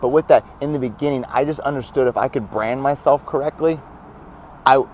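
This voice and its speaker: A young man telling stories as a podcast guest, animated and laughing often, acting out what others said. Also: mid-range voice, a little fast, a little hiss or hum. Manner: animated, laughs often, acts out quoted dialogue. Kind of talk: casual storytelling.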